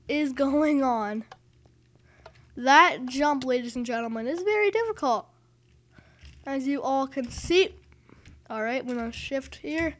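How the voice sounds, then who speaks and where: A woman giving excitable, self-mocking commentary over her own gameplay and exclaiming at every failed jump. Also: sits high, measured pace, pauses often. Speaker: gaming video host.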